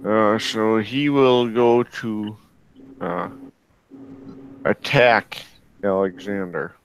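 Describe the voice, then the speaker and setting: A man narrating as game master of a tabletop game, unhurried and halting with fillers as he describes the action. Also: fairly low pitch, lively intonation, slight background noise, low-quality recording.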